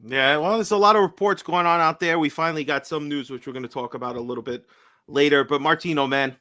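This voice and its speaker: A man hosting a podcast, loud and riled up, swearing as he rants and calls on his guests. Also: a little high, fast talker. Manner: loud, hyped and profane, ranting. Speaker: podcast host. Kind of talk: fired-up podcast talk.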